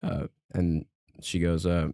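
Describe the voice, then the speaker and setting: Young male podcast host, low dry voice, rambling comic storyteller. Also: level tone, takes it slowly, vocal fry, mellow, no room sound. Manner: rambling storyteller, laughs often, heavy filler words. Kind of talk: casual comedy podcast chat.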